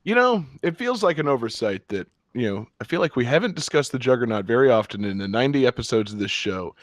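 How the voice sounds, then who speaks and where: A man's voice: medium pitch, animated, quick pace, no echo. A young man hosting a podcast, joking around and laughing often in casual chat. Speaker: podcast host.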